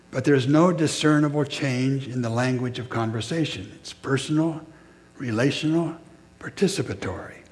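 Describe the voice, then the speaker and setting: With a mid-range voice, a man delivers a sermon in a thoughtful, measured way, leaving pauses after each brief phrase.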